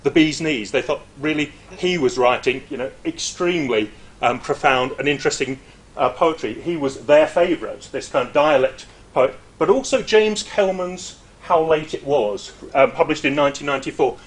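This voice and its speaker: A middle-aged man who lectures at a university gives an informal, chatty academic presentation, often hesitating and making asides. He speaks at a moderate pace with a fairly high pitch.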